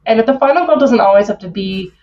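A woman's voice: on the high side, expressive, quick pace, a little hiss or hum. A woman from Canada, a podcast guest, retelling scenes in casual chat with many fillers. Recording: slightly dull lo-fi audio.

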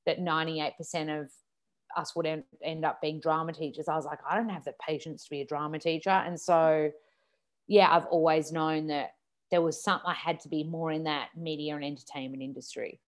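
This is an Australian woman in her thirties, talking casually as an interview guest. Her voice sits a little low for a woman. She rambles in an animated way, full of fillers. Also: fairly quick. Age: 30s. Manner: chatty and animated, lots of "like" fillers. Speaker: guest, TV presenter and yoga teacher.

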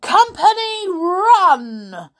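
A woman puts on a blustering old male elephant colonel from a storybook. He barks his marching chants up high, loud and forceful. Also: big pitch swings, very slow, full character voice. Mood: alarmed.

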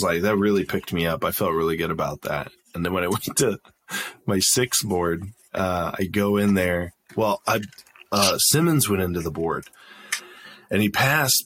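Husky-voiced man telling a profane story. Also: sits low, a bit bright. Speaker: podcast guest. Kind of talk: casual storytelling.

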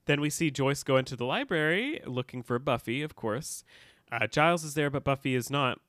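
Podcast co-host, male, bright and forward voice, chatty recap delivery, dry close sound. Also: medium pitch, lively intonation, a little fast, dry recording. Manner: chatty, laughs often, quotes characters. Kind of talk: casual recap chat.

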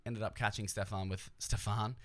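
A man's voice: fairly low pitch, flat delivery, moderate pace, fairly bright tone, dry recording, studio quality. A man hosting a podcast, chatting casually about sports in a joking, profane, rambling way. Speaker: podcast host.

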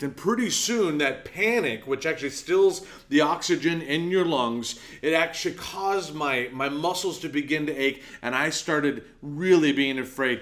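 A middle-aged man preaches a sermon as pastor. He tells a personal story and acts out the quoted lines. His voice sits a little higher than most men's. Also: fairly bright tone.

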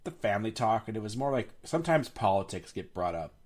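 A man's voice: on the low side, quick pace. A young man hosting a podcast, chatting casually and laughing often as he tells family stories. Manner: laughs often, lively storytelling. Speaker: podcast host.

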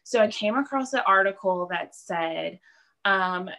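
A woman's voice: medium pitch, unhurried, bright, forceful tone. A woman speaking earnestly and without hurry, sharing personal news as co-host of a casual talk. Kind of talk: casual chat.

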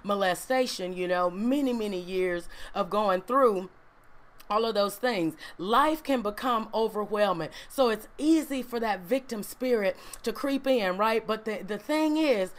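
A woman with a medium-pitched voice and lively intonation speaks at a measured pace while hosting a faith-based livestream. Her casual inspirational talk to the live audience is chatty and encouraging, sprinkled with "right?" and "you know."

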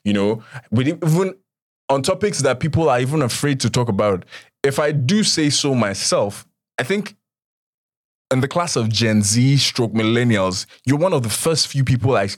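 A man's voice: medium pitch, lively intonation, moderate pace. A young man, a podcast guest chatting casually and praising his friend with many restarts. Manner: warm, effusive praise with frequent restarts. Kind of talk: casual chat.

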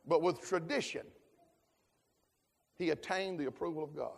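A man preaching a folksy sermon, calling for amens and building to shouts. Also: a little high, normal speed, creaky. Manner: folksy, call-and-response, rising to shouts. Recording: long hall reverb.

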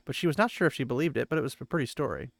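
A male podcast host walks through a book chapter in loose, conversational chat, full of filler words. His voice sits at an ordinary middle pitch. The sound is dry, with no room echo. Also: rapid-fire, vocal fry. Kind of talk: casual book recap chat.

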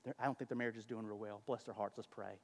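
A man voicing a falsely pious gossiping churchgoer in a low, confiding, mock-concerned murmur. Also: fairly even intonation, fast, a little mellow, in a large hall. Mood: hushed gossip.

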